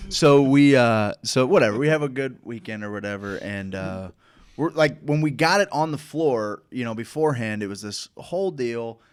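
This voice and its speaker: A man's voice: medium pitch, moderate pace, clean tone, no echo. Profane rambling storyteller guy. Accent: Midwestern American. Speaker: host. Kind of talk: casual storytelling chat.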